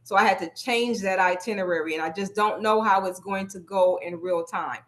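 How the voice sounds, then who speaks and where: A woman's voice: mid-range voice, normal speed. Casual, encouraging woman workshop instructor. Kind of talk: live online workshop teaching. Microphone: video call.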